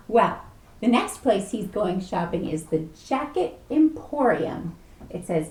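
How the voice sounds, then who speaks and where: Librarian woman, preschool storytime read-aloud, slow unhurried pace, playful questions to kids, echoey room. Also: on the high side. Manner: animated, playful, asks children questions. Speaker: children's librarian.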